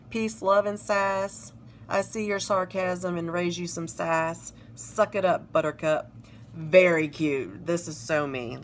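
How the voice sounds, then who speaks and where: Here a woman from South Carolina with a Southern accent and a lowish voice gushes over planner stickers, reading their phrases aloud. It's casual show-and-tell narration, and there's slight background noise.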